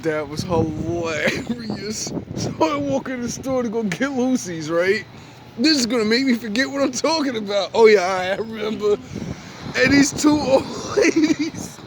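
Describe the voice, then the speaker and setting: Young man, vlog monologue, slow unhurried delivery with frequent laughs, noisy street around him. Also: very high voice. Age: young adult. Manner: laughs often, swears freely, drifts off topic. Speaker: vlogger. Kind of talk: rambling storytelling monologue.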